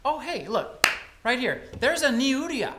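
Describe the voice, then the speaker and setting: A man's voice: very high-pitched, sing-song, a little slow, background noise, voice pushed up, exaggerated voice. A man playing a bossy, know-it-all traveler from Osaka who lectures his friend, told live on a college stage in a roomy hall. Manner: lecturing, sure of himself. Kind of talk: live comic storytelling. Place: college stage before an audience.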